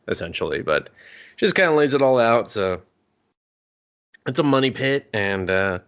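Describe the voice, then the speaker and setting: A man co-hosting a podcast, casually retelling a movie's scenes in a loose, profane way and dropping into quick mocking voices for the characters. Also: on the low side, expressive, a bit bright. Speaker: podcast co-host. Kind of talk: casual movie review chat.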